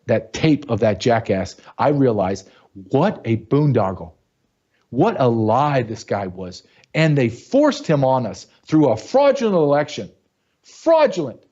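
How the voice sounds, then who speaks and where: A man hosting his own show, delivering a blunt, angry commentary monologue that keeps rising into sharp outbursts. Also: medium pitch, muffled recording. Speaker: show host.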